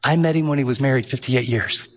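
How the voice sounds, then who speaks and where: A man's voice: medium pitch, fast talker, big-room sound. A man preaching a sermon as pastor, earnest and emphatic, who often asks rhetorical questions.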